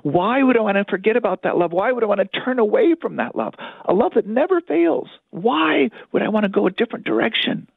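Priest talking on catholic radio, voice swings up and down a lot, tinny phone sound. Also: male voice, high-pitched, very animated, a little fast, gravelly, hardly any pauses, no echo. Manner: earnest preaching, voices inner thoughts, repeats for emphasis. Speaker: priest, spiritual director.

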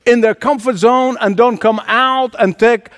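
A high-pitched man delivering a sermon. He drops to soft, low asides, then climbs into emphatic, rising runs, chuckling between lines. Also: fairly even intonation, a little slow. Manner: preaching with dramatic swings of pitch and loudness, builds to emphatic climaxes. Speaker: pastor.

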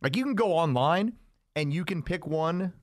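A man's voice: fairly high pitch, expressive, normal speed, dry recording, studio quality. A man hosting a podcast, explaining things in a rambling, casual way. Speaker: podcast host. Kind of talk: casual chat.

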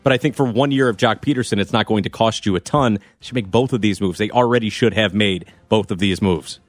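A man's voice: lowish voice, fast, no room sound. A man on a sports talk panel, talking in a confident, emphatic way.

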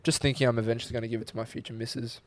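A man's voice: mid-range voice, little pitch movement, very fast. A young Australian man co-hosting a podcast, chatting casually and swearing freely as he tells stories and quotes people. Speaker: podcast co-host. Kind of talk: casual chat.

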